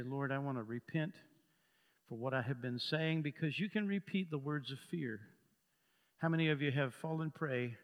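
A man preaching a sermon, moving from soft, quiet phrases to loud, impassioned preaching and leading the congregation in repeated phrases. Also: medium pitch, big-room sound. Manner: builds from soft to loud preaching, leads the congregation in call-and-response.

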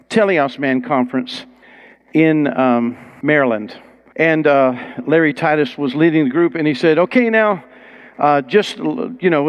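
Guy preaching, kinda high-ish voice, chatty sermon style, tells stories. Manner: conversational, rising to excited storytelling.

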